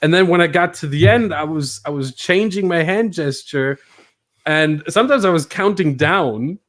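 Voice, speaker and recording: A man's voice: a little high, normal speed, a bit bright. A man hosting a casual podcast, talking about commentary in a playful, teasing way and laughing often. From not British. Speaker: podcast host and sim racing commentator.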